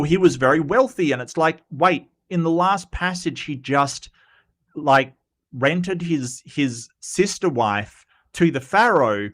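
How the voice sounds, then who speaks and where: A man's voice: on the high side, fairly bright tone. Sarcastic man hosting a live stream. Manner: sarcastic and exasperated, rambling with restarts. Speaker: host. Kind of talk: casual live-stream commentary.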